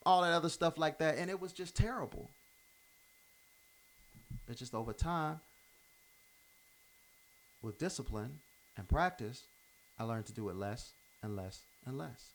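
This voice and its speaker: A man's voice: on the high side, lively intonation, measured pace, pauses often. Emphatic man preaching life lessons. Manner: emphatic, repeats himself and restarts phrases; informal, drops verbs. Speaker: commentator giving life advice. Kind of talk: unscripted motivational monologue.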